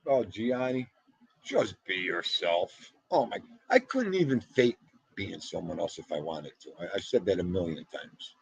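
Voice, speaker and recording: Gravelly North Jersey man on a livestream. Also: deep voice, unhurried, no room sound. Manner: rambling, animated, Italian-American slang. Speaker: livestream host reading chat. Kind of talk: casual livestream chat.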